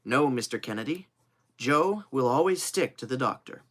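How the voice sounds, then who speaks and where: A man's voice: medium pitch, animated, moderate pace, fairly bright tone. A man voicing a cheerful, loyal young manservant who talks eagerly and earnestly.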